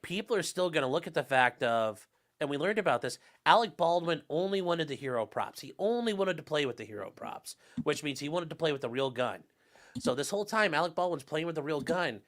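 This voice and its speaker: Male lawyer on a casual panel, joking and animated, slightly high voice. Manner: animated, joking, quick restarts.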